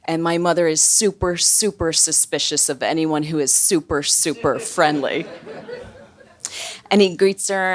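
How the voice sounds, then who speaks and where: Brief: low-pitched woman, wry live storyteller, chatty, filler-heavy delivery. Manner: wry, conversational, many fillers.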